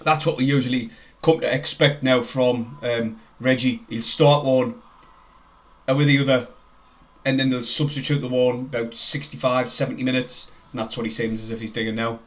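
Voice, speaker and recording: A young man with a North East English accent, commenting on a football match live for his stream and chatting with viewers in a chatty, excitable way. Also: medium pitch, moderate pace. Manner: chatty, excitable, laughs often, reads out viewer names.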